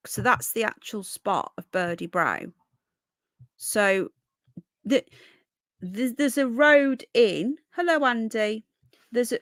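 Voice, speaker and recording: A woman's voice: a little high, a bit bright, dry recording, clean studio sound. Chatty woman hosting a live stream. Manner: chatty, thinks aloud, greets viewers by name. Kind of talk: casual live-stream commentary.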